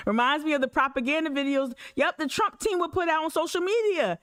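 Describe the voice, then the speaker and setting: A woman chats casually on a live stream, reacting with animated energy and addressing her audience directly. Her voice sits somewhat high. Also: brisk, few pauses. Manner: animated, laughing, talks straight to viewers. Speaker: livestream host. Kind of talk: casual livestream commentary.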